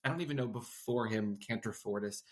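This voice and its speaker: A man's voice: on the low side, fairly quick. Man hosting an interview, enthusiastic. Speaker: host rabbi. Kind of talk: interview chat.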